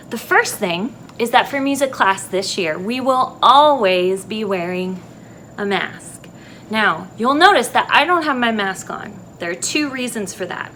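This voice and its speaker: Woman teacher talking slowly to young kids. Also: on the high side, fairly bright tone, slight background noise. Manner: slow, clear teacher talk to young kids. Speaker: elementary music teacher. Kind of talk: video lesson for children. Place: empty classroom.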